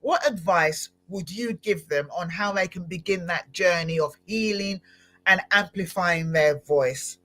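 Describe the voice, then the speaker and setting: A woman hosting a live-streamed podcast interview, talking in an animated, exclamatory way with frequent laughter. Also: lowish voice, a little slow, faint music behind. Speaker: podcast host.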